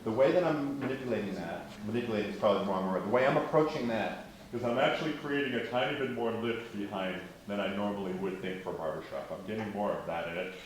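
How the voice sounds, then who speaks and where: A man's voice: on the low side, fast talker. A man coaching a men's choir in rehearsal, encouraging the singers and demonstrating phrases by singing them. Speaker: vocal coach. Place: large rehearsal hall. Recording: echoey rehearsal hall, faint noise.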